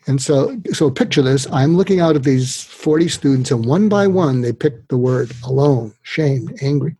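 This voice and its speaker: A man, a psychiatrist guest, talking in an animated storytelling way and jumping his pitch up to act out the people he quotes. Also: normal speed, few pauses, husky, dry recording. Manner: acts out quoted voices with big pitch jumps.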